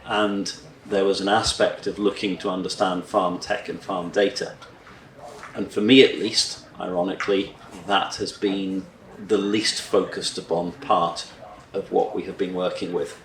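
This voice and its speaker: A man, a farmer, giving a measured talk at a conference. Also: low-pitched, flat delivery, a bit bright, slight background noise. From Scotland. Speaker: farmer speaker. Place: conference room. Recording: echoey hall, distant mic.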